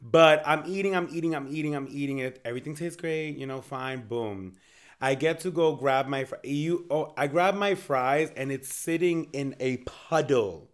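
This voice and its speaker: Man, thirties, podcast co-host, animated storyteller, casual, swears freely. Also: a little high, normal speed. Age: 30s. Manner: animated storytelling, profane, jokey. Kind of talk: casual chat.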